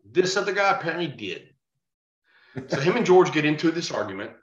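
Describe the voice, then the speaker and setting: A bar bouncer guesting on a podcast tells a bar story in casual, freely profane talk, his highish voice sing-song and fairly quick. He acts out the voices of the people involved. The recording sounds roomy and dull.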